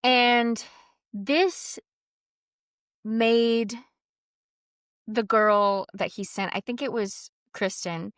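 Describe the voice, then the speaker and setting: A woman's voice: fairly high pitch, fairly bright tone, clear, resonant tone, no echo, studio quality. Chatty woman retelling a story. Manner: chatty, lots of "like", quotes people in quick asides. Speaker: podcast co-host telling the story. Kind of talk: casual storytelling chat.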